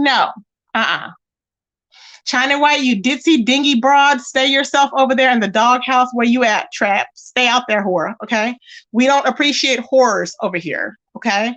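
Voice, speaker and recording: A woman hosting a casual online chat. She talks in a sassy, animated way and calls her listeners child and baby. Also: high-pitched, normal speed. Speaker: YouTube commentary host. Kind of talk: casual chat to a live audience.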